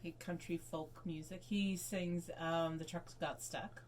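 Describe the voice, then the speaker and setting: A woman's voice: lowish voice, fairly even intonation, unhurried, darkish tone. A woman chatting off to the side of a livestream, questioning and correcting the host in dry, casual banter. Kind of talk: casual chat.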